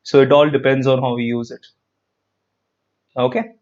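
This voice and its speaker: Lively Indian English male teacher. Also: medium pitch, moderate pace, muffled recording. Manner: lively, repeats phrases, quizzes students, frequent "perfect". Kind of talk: live online grammar class.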